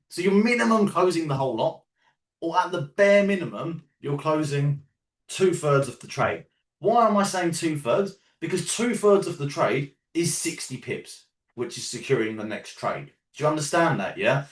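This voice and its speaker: London guy teaching trading on a call, voice jumps all over, bit far from the mic in an echoey room. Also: on the high side. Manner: animated, keeps checking in with "yeah?" and "right?"; casual, swears in passing. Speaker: trading coach. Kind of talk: teaching a live group call.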